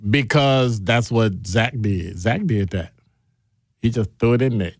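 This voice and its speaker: A man's voice: lowish voice, a little slow, no room sound, clean studio sound. A man hosting a call-in radio talk show, reading listener texts aloud with playful, teasing banter.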